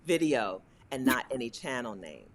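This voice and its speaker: A woman's voice: rumbling low, very animated, normal speed, a little hiss or hum. A woman hosting a casual live-stream interview over a video call, chatty and encouraging. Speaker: host.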